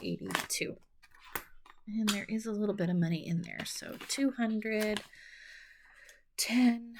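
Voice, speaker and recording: There's a slight hiss or hum on this clip of a middle-aged woman with a creaky, medium-pitched voice. Hosting a budgeting video, she chats casually and counts cash half under her breath between asides.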